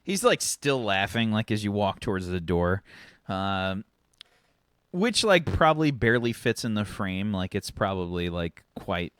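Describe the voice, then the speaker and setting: A woman's voice: extremely low pitch, sing-song, unhurried, smooth, no room sound. A woman narrating a tabletop game as game master, chatty with many fillers.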